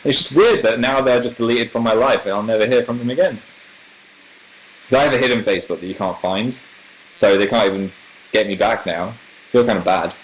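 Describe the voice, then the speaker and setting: A man in his twenties from northern England, chatting casually on a livestream as a YouTuber host and answering viewer comments in a rambling, animated way. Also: fairly low pitch, brisk, slight background noise, rough recording. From northern England, near Manchester.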